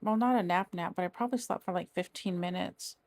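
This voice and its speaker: A woman's voice: fairly low pitch, fairly quick, a little mellow. Chatty middle-aged woman. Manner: rambling, chatty, trails off and restarts. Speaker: crafting vlogger. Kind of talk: casual chat while diamond painting.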